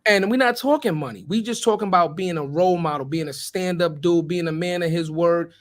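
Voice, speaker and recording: A raspy-voiced man with a notably high pitch for a man, co-hosting a podcast in casual chat. He speaks earnestly, building his points like a small sermon. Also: fairly quick. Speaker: podcast co-host.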